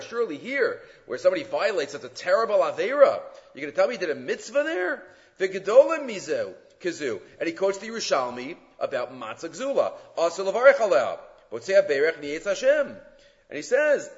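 A man delivers a Talmud lesson in a fairly high voice, pushing hard on key points and weaving Hebrew and Aramaic terms into his English. The sound is muffled and trails off in a long echo, as in a large hall. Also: a little fast. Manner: animated, rising to emphatic peaks, mixes Hebrew and Aramaic terms. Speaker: Talmud teacher. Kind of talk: lecture on Jewish law. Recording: muffled sound in a reverberant room.

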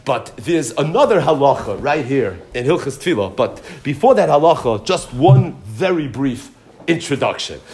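A man teaching a Talmud and Jewish law class, explaining sources with Hebrew and Yiddish terms mixed into English. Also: on the high side. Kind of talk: Torah class lecture.

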